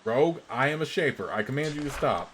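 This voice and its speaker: A stern hero of a fantasy game who gives orders and demands answers , read aloud by a man. His voice is plain and mid-pitched, with light background noise. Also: animated, fast talker, fairly bright tone, natural voice, low-quality recording. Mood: stern questioning. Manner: stern, commanding. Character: commanding male Shaper hero, questioning.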